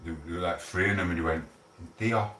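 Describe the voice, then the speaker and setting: A chatty man hosting a live stream from home, wandering from topic to topic. His voice sits low, and it comes across roomy and set back from the microphone. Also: level tone, rapid-fire, bright, forceful tone, a little hiss or hum. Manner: rambling, chatty, reads out chat messages. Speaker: livestream host. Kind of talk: casual live-stream chat. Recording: roomy and distant from mic.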